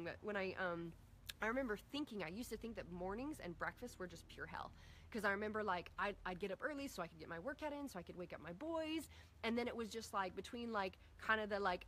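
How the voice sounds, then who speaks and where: Energetic woman coaching on parenting. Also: a little high, slight background noise. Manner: energetic, acts out dialogue with her kids. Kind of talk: coaching talk to a group.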